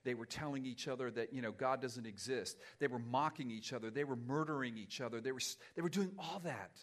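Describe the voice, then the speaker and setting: A man preaching a conversational, animated sermon as pastor, sometimes poking fun at himself. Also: mid-range voice, brisk. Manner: conversational, animated, self-deprecating.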